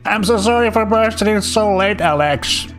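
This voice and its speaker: A man's voice: normal speed, a bit bright, faint music behind. A man doing a frantic goblin-voiced pleader. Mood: pleading. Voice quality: goblin-like put-on voice. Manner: high, strained and pleading. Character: frantic pleading adult man begging a favor.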